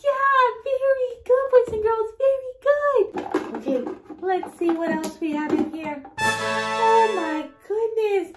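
Very high, sing-song toddler teacher woman. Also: animated, slow pace, reverberant, music in the background. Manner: sing-song, exaggerated praise and gasps of wonder. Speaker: toddler teacher and show host. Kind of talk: toddler learning video.

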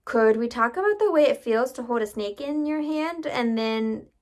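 A woman's voice: fairly high pitch, animated, normal speed, lightly acted. Lady reading as a keen little schoolboy, pleading questions, storybook voice. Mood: eager. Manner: eager, pleading. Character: curious young schoolboy asking odd questions.

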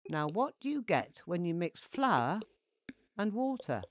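Lively low-voiced storyteller woman. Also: measured pace, no room sound, clean studio sound. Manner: playful and expressive. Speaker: children's author and narrator. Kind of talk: bedtime story narration. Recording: noisy hiss behind the voice.

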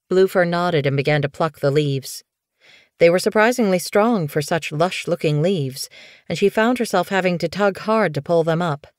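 A woman narrating an audiobook in a steady, measured storytelling voice. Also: lowish voice, dry recording, studio quality.

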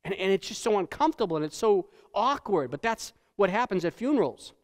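A male pastor delivers a sermon in a slightly raised voice that hangs in the long reverb of a church hall. He talks to the room conversationally, tags his points with "right?" and sinks to a hush for the solemn parts. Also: sits high, sing-song, fairly quick. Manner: tag questions, repeats words. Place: church sanctuary.

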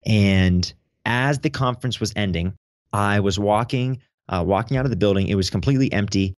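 A young man telling a story in an animated way as a podcast guest. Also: fairly low pitch, moderate pace, dry recording, studio quality. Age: young adult. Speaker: podcast guest, teen podcast host. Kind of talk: casual interview storytelling.

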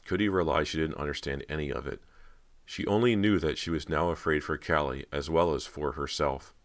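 A man narrating a horror audiobook in a measured, dramatic way. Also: a bass voice.

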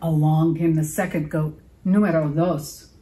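A woman librarian reading a picture book aloud to children, expressive and stopping to ask them questions. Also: low-pitched, measured pace, poor audio.

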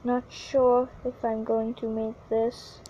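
A woman giving casual, excitable commentary on her own gameplay, yelping whenever she falls. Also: on the high side, slow, dull audio, slight background noise. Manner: chatty and excitable, yelps when falling. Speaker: gaming YouTuber.

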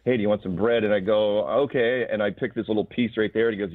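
A man calling in as a radio guest, laying out his points one by one in a brisk, argumentative way. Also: lowish voice, expressive, no echo. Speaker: phone-in guest. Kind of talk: phone interview. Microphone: phone. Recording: tinny phone line.

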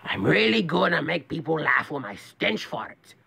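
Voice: mid-range voice, sing-song, normal speed, gravelly, pushed and bright, husky, exaggerated voice. A young man voicing a brash, boastful cartoon villain who whoops and brags about himself.

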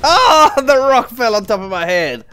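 A man giving casual, excitable and self-mocking commentary while playing a video game, chatting to his viewers. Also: very high voice, measured pace, a little hiss or hum. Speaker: gaming video host.

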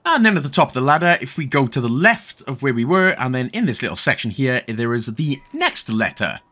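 Lively Welsh man narrating gameplay. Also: mid-range voice, a little fast. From Wales. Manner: rambling, jokey, self-correcting. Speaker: game walkthrough host. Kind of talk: casual gameplay commentary.

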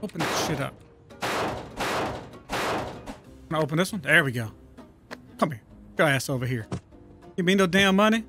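A man giving loud, excitable, profanity-heavy commentary while playing a video game. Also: fairly high pitch, moderate pace, long pauses, music in the background. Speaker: gaming YouTuber. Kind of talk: gameplay commentary.

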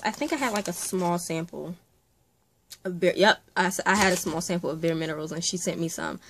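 A young woman, a makeup artist, chatting through a casual unboxing vlog, gushing and often dropping into breathy whispered exclamations. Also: medium pitch, slight background noise.

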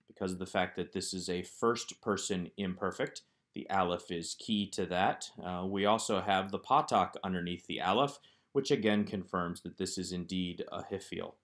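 A man with a somewhat low voice goes through workbook answers like a teacher recording a lesson. He explains each item step by step, calm and methodical, as a voice-over on slides. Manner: methodical, explanatory walkthrough of exercises. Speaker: Hebrew teacher.

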